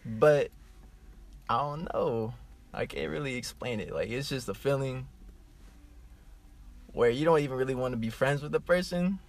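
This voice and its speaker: Young male guest, middle pitch, laid-back, easy agreement. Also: moderate pace, pauses often. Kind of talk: casual chat.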